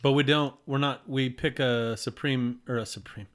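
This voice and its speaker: A man co-hosting a podcast in relaxed chat. His voice sits at an ordinary mid pitch. He speaks haltingly, restarts often, and is gently self-deprecating. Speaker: podcast co-host. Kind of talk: casual chat.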